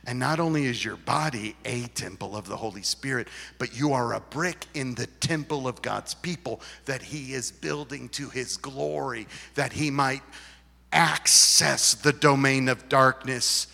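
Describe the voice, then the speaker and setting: Gravelly male preacher in an echoing hall. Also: medium pitch, measured pace. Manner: dramatic swings from loud emphasis to near-whisper. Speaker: pastor. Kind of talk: sermon. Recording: reverberant hall.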